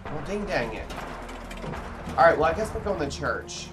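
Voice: medium pitch, sing-song, normal speed. A very tired game streamer chatting and rambling to viewers while playing live. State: very tired, sleepy. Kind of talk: live gameplay commentary. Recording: music playing behind.

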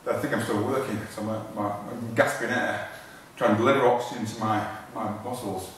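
A man's voice: lowish voice, fairly even intonation, a little fast, fairly bright tone, a little hiss or hum. Breathless male trainer in an echoey hall. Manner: informal, repeats phrases, restarts sentences. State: out of breath while exercising. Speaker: fitness trainer giving a talk. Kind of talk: live talk with demonstration. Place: large echoey hall in front of an audience. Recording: echoey hall recording from far off.

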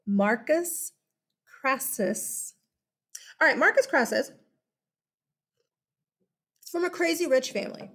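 A woman's voice: extremely high pitch, normal speed, pauses often. A woman, giving a chatty classroom history lecture and often checking in with "okay?". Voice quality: slight lisp. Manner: chatty, animated, keeps checking in with 'okay?'. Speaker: history teacher.

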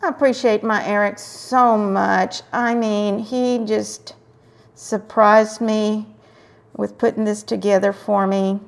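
This craft video host, a middle-aged woman, speaks slowly in a creaky mid-range voice with little pitch movement. She keeps up friendly chatter and warm asides during her casual tutorial, occasionally murmuring to herself.

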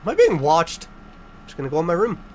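Animated, joking gamer guy. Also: on the high side, a little fast, a little hiss or hum. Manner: jokey, sarcastic, loud startled outbursts. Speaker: gaming channel host. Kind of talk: casual let's-play commentary.

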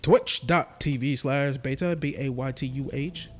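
A man's voice: medium pitch, measured pace, a little hiss or hum. A young man casually commenting on his gameplay as a streamer, joking and talking to the game. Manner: chatty, jokey, talks to the game.

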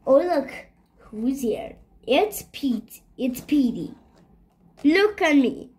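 A woman's voice: high voice, very animated, takes it slowly, a little mellow, heavily acted. A woman voicing a cheerful little boy kitten in a storybook read-aloud, chatty and teasing. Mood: playful.

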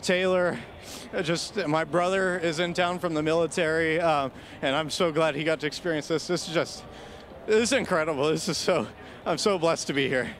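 A race car driver in a post-race interview, emotional and halting, thanking his team. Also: on the high side, fairly bright tone. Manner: choked up, halting, grateful. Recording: faint outdoor track noise.

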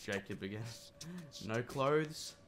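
A man's voice: mid-range voice, slow pace, noisy background. A man, streaming a horror game live and reacting chattily with lots of swearing. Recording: game music loud behind voice.

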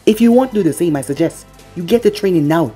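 The narrator voicing a fierce, coarse mother and clan head who yells orders at her son. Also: mid-range voice, big pitch swings, brisk, soft background music, lightly acted. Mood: shouting angrily. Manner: yelling, coarse, bossy.

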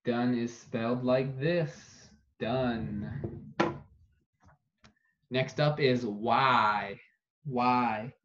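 A man teaching an online phonics lesson, saying each word slowly and repeating it for dictation. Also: medium pitch, a bit bright, slight background noise. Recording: dull lo-fi recording.

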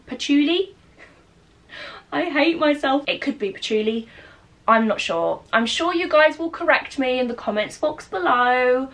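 A woman, a little husky today, chatting excitedly and self-deprecatingly through a home haul vlog. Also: fairly high pitch. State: slightly husky. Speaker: lifestyle vlogger.

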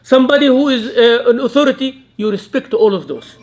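Guy giving a quran class, high voice, laughs a lot, lots of mixed in. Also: fairly quick. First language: Arabic. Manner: animated, mixes Arabic words into English, laughs often. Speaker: Islamic lecturer. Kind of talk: Quran commentary lecture. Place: restaurant meeting room.

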